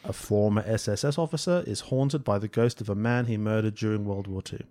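A man's voice: fairly low pitch, fairly quick, darkish tone. A man co-hosting a podcast, chatting casually and jokily about a film. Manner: chatty, self-deprecating, jokey. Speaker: podcast co-host. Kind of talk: casual film review chat.

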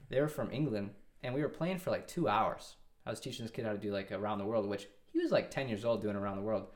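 Talking fast in a lowish voice, a twentysomething interview guest spins out a lengthy story, circling back to start over again and again and acting out what people said.

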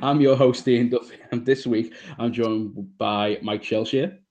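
A man's voice: mid-range voice, steady tone, unhurried, darkish tone, muffled recording. A man hosting a podcast, chatting casually with a bantering, playfully exasperated manner. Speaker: podcast host. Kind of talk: casual chat.

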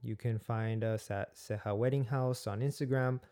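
A man's voice: medium pitch, steady tone, normal speed, warm tone. A man hosting a casual podcast, joking around and laughing often with his guest. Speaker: podcast host.

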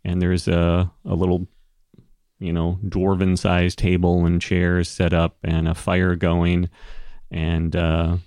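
Game master, male, slow, rambling delivery, dry close mic. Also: low-pitched, clean tone, dry recording. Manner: relaxed, rambling with fillers and laughs. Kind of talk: narrating a tabletop game.

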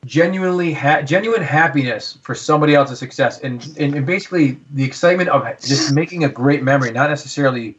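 A man's voice: fairly high pitch, fast talker, hardly any pauses, noisy background. A man in his thirties, a podcast guest, telling hunting stories in an eager, rambling way, often repeating words as he thinks. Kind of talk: casual storytelling. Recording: slightly dull lo-fi audio.

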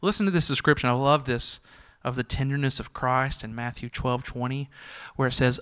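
A man in his thirties, a pastor mid-sermon, moves between tender, quiet reflection and urgent calls to his listeners. His delivery is conversational, with everyday asides and fillers, and his voice sits in an ordinary middle pitch. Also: steady tone, normal speed, clear, resonant tone. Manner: earnest, tender, rising to urgent pleading. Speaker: senior pastor.

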